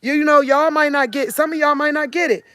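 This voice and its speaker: A woman's voice: high voice, fairly even intonation, fast, a bit bright, no echo. A woman in her forties from Cleveland with a country Midwestern drawl, talking earnestly to her viewers in a casual monologue. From Cleveland, Ohio. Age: 40s. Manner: earnest, talks in a drawl, keeps asking "you get what I'm saying?". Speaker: vlogger.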